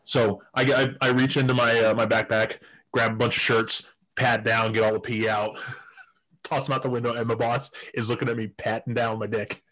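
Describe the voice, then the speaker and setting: A man's voice: mid-range voice, flat delivery, moderate pace, a bit bright. A man telling crude stories in a casual podcast chat, laughing often and restarting his sentences. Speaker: guest storyteller.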